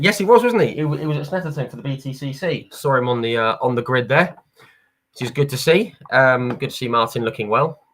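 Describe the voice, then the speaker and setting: A man's voice: on the low side, fairly bright tone. English guy doing a charity raffle stream from home, cheery, chatty, keeps stopping and restarting. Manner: chatty, upbeat, stops and restarts often. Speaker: host running a charity prize draw. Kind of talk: casual livestream chat.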